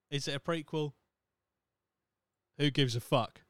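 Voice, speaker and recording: A man's voice: mid-range voice, expressive, measured pace, pauses often, clear, resonant tone, no room sound. A young man hosting a solo podcast, talking in a blunt, sweary, opinionated way. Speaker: podcast host. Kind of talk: casual solo podcast rant.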